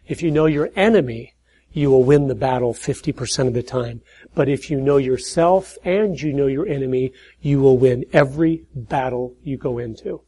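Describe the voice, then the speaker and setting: Middle-aged male speaker, husky and dark-toned, earnest preaching talk that rises to emphatic points and drops low. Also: rough recording. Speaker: speaker at church and conservative conferences.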